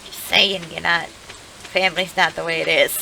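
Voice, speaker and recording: A woman streamer plays a farming game from her home setup, telling rambling stories, swearing freely, and laughing often. Her fairly low voice is steady, sharp, and moderately paced, with vocal fry. Game music runs underneath, along with slight background noise.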